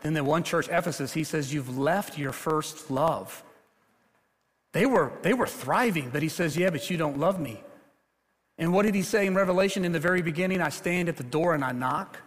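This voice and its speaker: Impassioned high-voiced male pastor preaching. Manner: impassioned preaching, rising louder at climaxes. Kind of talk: sermon. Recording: long hall reverb.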